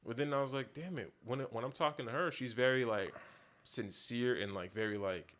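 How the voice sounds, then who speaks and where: A man's voice: mid-range voice, fairly quick. A man hosting a podcast from his home studio, telling stories casually and acting out the voices of the people in them. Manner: animated storytelling, acts out quoted voices. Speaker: podcast host and photographer. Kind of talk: casual conversation.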